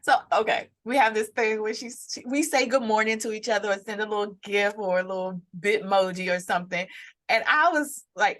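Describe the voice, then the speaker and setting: Young woman podcast co-host, chatty storyteller, mid-range voice. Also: mid-range voice. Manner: animated storytelling, acts out quotes. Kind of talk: casual chat.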